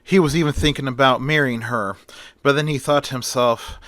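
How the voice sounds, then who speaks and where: A man's voice: mid-range voice, steady tone, brisk, fairly bright tone, no room sound. A man casually retelling a story, stringing events together with "and then". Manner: rambling, strings clauses with "and then".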